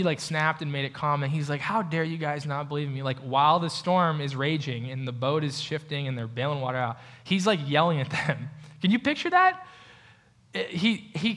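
In a church hall with a projector, a man from the United States delivers a sermon in a conversational style, asking his listeners questions along the way. He has a fairly high, slightly bright voice.

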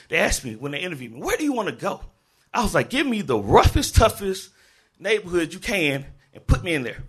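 A man who is a teacher, telling a personal story live on stage, animated, laughing often and shouting to the crowd. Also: on the high side, husky. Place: live event venue in Memphis.

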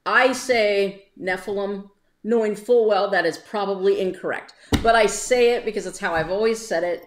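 A woman's voice: medium pitch, moderate pace, roomy sound. An American woman who is a guest in a casual conversation, making dry, wry remarks. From United States.

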